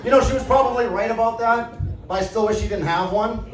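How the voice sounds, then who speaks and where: Stand-up comic, male, high voice, deadpan storytelling, roomy club sound from a distance. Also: quick pace, heavy background noise. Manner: deadpan storytelling, tags lines with "right?". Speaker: stand-up comedian. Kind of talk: stand-up comedy set. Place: comedy club stage. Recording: echoey club audio from afar.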